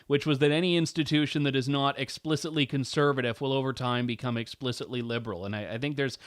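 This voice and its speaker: A man's voice: medium pitch, fairly even intonation, no echo, clean studio sound. A man from Canada, host of an interview show, closing out a conversation and signing off in an earnest, chatty way. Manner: earnest, chatty, quick restarts.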